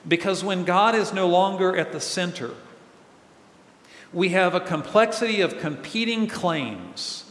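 A man's voice: sits high, expressive, unhurried, a bit bright. A male pastor preaching a sermon in a conversational, earnest way, asking his congregation questions. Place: large church hall. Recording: echoey hall with long reverb.

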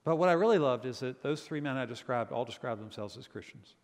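A man from Virginia, a pastor preaching a sermon and telling stories with lively quoted voices. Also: mid-range voice, fast talker, big-room sound.

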